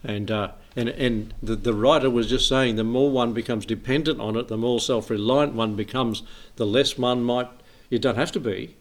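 A man's voice: mid-range voice, fairly even intonation, moderate pace, hardly any pauses. A man leading an informal Bible study, rambling, chuckling often and reading scripture aloud.

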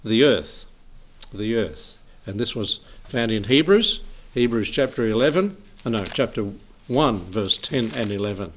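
A man's voice: mid-range voice, animated, normal speed, hardly any pauses, slight background noise. A man leading an informal Bible study, rambling, chuckling often and reading scripture aloud.

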